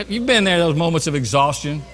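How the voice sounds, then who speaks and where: A man's voice: a little high, animated, moderate pace, a bit bright, faint music behind. A middle-aged man, a pastor telling a self-mocking story in a sermon, chatty and full of restarts. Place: church sanctuary. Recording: reverberant church hall.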